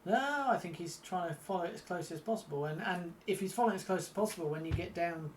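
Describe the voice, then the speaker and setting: A man's voice: high-pitched, quick pace, a little hiss or hum. Chatty, self-mocking male co-host. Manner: chatty and self-mocking, with stumbles when reading. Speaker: co-host of a motorbike live stream. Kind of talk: casual live-stream chat.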